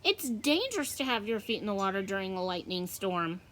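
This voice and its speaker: A woman's voice: mid-range voice, sing-song, brisk, a little hiss or hum. A woman doing an eager, outspoken young girl. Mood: urgent. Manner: loud, eager yelling. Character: bold, outspoken young girl narrator-heroine.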